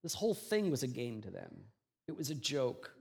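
A male pastor preaching a sermon, moving from hushed, quiet passages to loud, emphatic ones and acting out mocking voices from the scripture he reads. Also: mid-range voice, sing-song, moderate pace, vocal fry, husky. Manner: acts out mocking voices while reading scripture.

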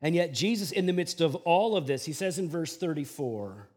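A male pastor preaching a sermon, moving from hushed, quiet passages to loud, emphatic ones and acting out mocking voices from the scripture he reads. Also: a little high, expressive, normal speed, hardly any pauses. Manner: acts out mocking voices while reading scripture.

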